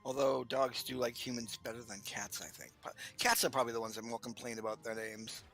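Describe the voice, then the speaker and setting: A man's voice: medium pitch, steady tone, fairly quick, vocal fry, a bit bright, faint music behind. A man in casual chat during a game stream, rambling and joking with frequent laughter. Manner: jokey, rambling, laughs often.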